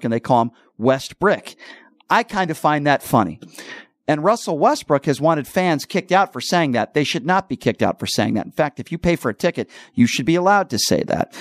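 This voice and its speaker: A man's voice: medium pitch, dry recording, studio quality. A man hosting a talk radio show, delivering an emphatic, opinionated monologue and repeating his points for emphasis.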